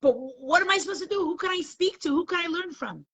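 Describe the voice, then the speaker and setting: A woman's voice: mid-range voice, normal speed, close to an everyday voice. A woman voicing a distraught, sincere wife who pleads tearfully for guidance. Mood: pleading.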